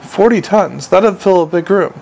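A man's voice: sits high, moderate pace, creaky, darkish tone, voice pushed up. A man doing a weary, blunt commander. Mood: brusque. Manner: weary, brusque. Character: weary, blunt middle-aged male watch commander.

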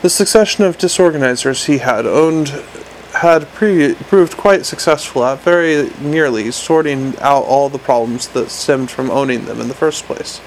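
A man's voice: medium pitch, normal speed, slight background noise, low-quality recording. A man narrating a comic fantasy novel in a wry tone, with small stumbles and restarts. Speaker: audiobook narrator.

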